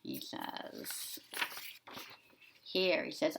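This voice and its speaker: Slow, gravelly-voiced preschool teacher. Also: female voice, on the low side, wildly swooping pitch, slight background noise. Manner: gentle questioning, talks to the children. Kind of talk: reading aloud and discussing a picture book with young children.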